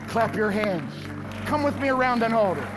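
High, fervent preacher in a church. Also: male voice. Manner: fervent preaching, shouting climaxes and dramatic hushed drops. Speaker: pastor. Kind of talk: sermon. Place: church sanctuary. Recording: echoey hall with music and congregation.

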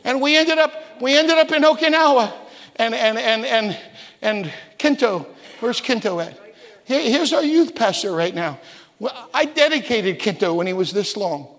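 A man in his sixties from West Virginia preaching a sermon in a church, telling stories, stumbling over repeated words and rising to shouts. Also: extremely high pitch, lively intonation, moderate pace. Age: 60s. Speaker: pastor. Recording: reverberant church hall.

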